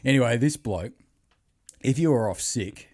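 A man hosting a podcast, telling a rambling, profane story in casual chat, a little hoarse. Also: mid-range voice, lively intonation, moderate pace, darkish tone, dry recording, clean studio sound. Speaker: podcast host.

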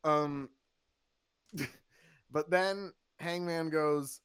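Host, male, animated and sarcastic, fairly high voice with lots of swing, dry close mic. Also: normal speed, pauses often, no echo. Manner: animated, sarcastic, acts out quotes in funny voices. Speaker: podcast host reviewing wrestling. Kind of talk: casual chat.

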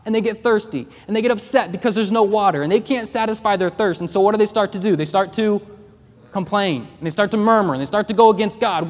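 A man preaching a sermon to college students, with emphatic delivery and dramatic pauses. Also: sits high, expressive. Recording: long hall reverb.

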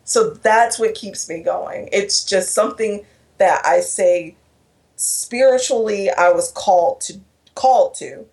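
A woman's voice: medium pitch, slow pace, darkish tone. Earnest woman telling a personal story. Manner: earnest, emotional, with restarts and quoted dialogue. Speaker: guest speaker.

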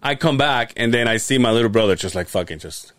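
A middle-aged podcast host in full storytelling mode, his voice jumping around with lively ups and downs. He swears casually and laughs at his own story. The sound is dry and close, with no room echo. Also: medium pitch, fast. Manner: animated, profane, laughs while telling stories.

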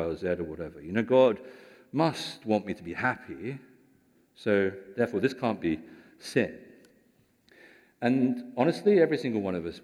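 A man's voice: fairly low pitch, a little mellow. A man preaching a sermon, explaining scripture in a conversational way with rhetorical questions. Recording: long hall reverb.

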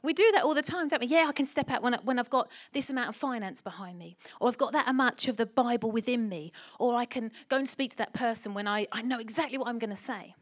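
A middle-aged woman preaching a sermon in an emphatic, animated way, asking the church rhetorical questions. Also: fairly high pitch, fast, few pauses.

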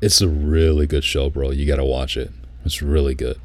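Man, extremely low voice, dry close sound, animated casual storyteller who swears freely. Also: moderate pace, dry recording. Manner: animated storyteller, swears, mimics people in high voice. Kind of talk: casual chat.

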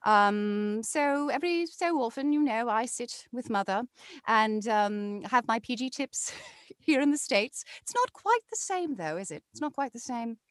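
A woman's voice: fairly high pitch, animated, a little slow, no echo, clean studio sound, voice pushed up. Woman improvising a gossipy lady. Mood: chatty. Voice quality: gushing, rambling, hesitant. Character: chatty gossipy British woman abroad. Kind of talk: improvised character.

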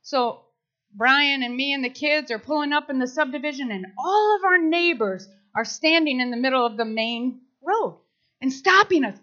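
A middle-aged woman giving a sermon, telling personal stories in an animated way and acting out the voices of people she quotes. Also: high-pitched, normal speed. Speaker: speaker at church service. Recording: slightly dull lo-fi sound.

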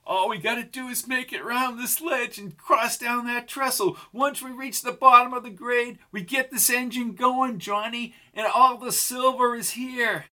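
A man voicing Pam, a hardened, sharp-tongued outlaw woman in an audiobook western, with a raised, defiant voice. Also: extremely high pitch, steady tone, a little slow, few pauses, pitched above the performer's own voice, full character voice. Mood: urgent.

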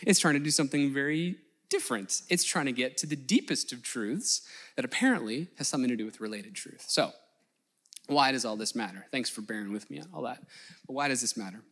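A man's voice: medium pitch, brisk, a bit bright. A man preaching a sermon in a conversational way, acting out the voices of the people he quotes. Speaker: pastor.

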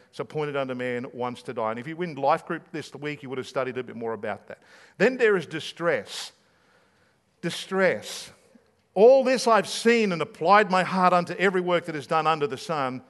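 A man preaching to his congregation, chatty and direct, firing off rhetorical questions. His voice sits a little higher than most men's. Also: a bit bright. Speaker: pastor. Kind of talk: sermon.

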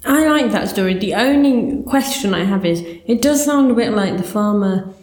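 A woman's voice: medium pitch, lively intonation, normal speed, a little mellow, echoey room. A woman co-hosting a casual chat, speaking informally with fillers and asking probing questions. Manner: chatty, uses fillers, asks probing questions.

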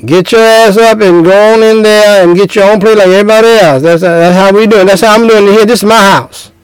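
A man voicing a bossy old grandmother who rules her house, scolding loudly and firmly. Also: high voice, steady tone, a little fast, clear, resonant tone, no room sound, voice pushed up, natural voice, poor audio. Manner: loud, scolding, no-nonsense.

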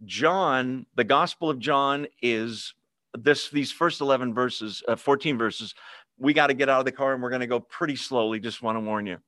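Male teacher, relaxed and chatty, mid-range voice, dry close sound over a video call. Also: medium pitch, moderate pace, no room sound. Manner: conversational, with fillers and humorous asides. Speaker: Bible study teacher. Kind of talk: casual Bible teaching. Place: online video meeting.

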